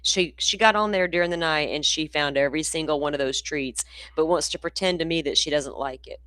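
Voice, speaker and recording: A grandmother who hosts a true crime channel chats folksily with her livestream viewers from her country home. Her low voice moves fairly quickly, sounds a bit bright, and has no echo.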